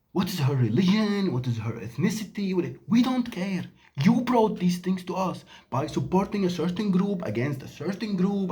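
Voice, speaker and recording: A man's voice: high voice, a little mellow. A Syrian man in his thirties, a native Arabic speaker, delivering an angry, emphatic monologue full of rhetorical questions. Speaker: vlogger. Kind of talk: impassioned monologue to camera.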